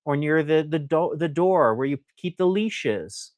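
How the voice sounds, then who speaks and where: This man runs a live antique sales stream, chatting with enthusiasm and reading viewer comments aloud as he rambles loosely, filling gaps with frequent fillers. His voice sits on the high side, expressive and darkish, at a measured pace, and the recording is dry with clean studio sound.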